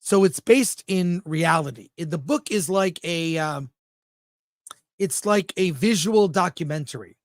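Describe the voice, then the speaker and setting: A man's voice: on the high side, measured pace, no echo. A man co-hosting a casual livestream film review show, blunt and jokey, reading viewer comments aloud. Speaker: film critic co-host.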